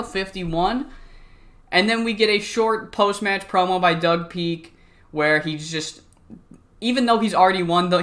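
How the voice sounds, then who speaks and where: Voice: medium pitch, a bit bright. Easygoing YouTube game commentator, loose and rambling, swears freely, laughs off mistakes.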